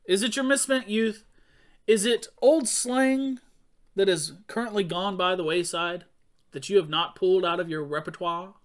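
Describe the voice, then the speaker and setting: A man co-hosting a podcast, chatting casually and telling playful stories with quick jokes. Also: sits high, fairly even intonation. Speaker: podcast co-host. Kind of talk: casual chat.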